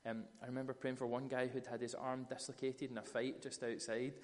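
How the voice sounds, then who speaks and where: A man's voice: medium pitch, brisk. Man preaching in a reverberant hall. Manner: storytelling, animated retellings of scripture. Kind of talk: sermon.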